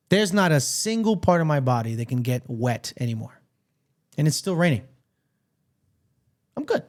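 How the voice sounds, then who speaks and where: A man co-hosting a podcast, telling stories in an animated, profane, casual way. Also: on the high side, moderate pace, long pauses. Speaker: podcast co-host. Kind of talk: casual chat.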